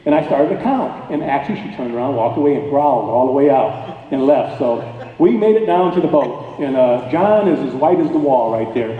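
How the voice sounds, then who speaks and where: A man speaking as a guest at a church dinner, telling a personal story in an animated, folksy way with plain colloquial grammar. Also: medium pitch, normal speed. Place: church hall at a dinner event. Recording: distant, echoey hall, thin phone-like sound.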